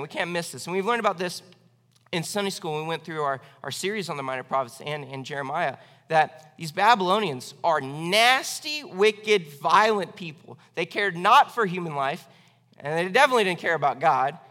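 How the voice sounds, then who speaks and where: A young man, a youth pastor, preaching a sermon in a church with lively, acted-out asides. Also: big-room sound. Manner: animated, acts out quoted voices with big swings in pitch and loudness. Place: church sanctuary.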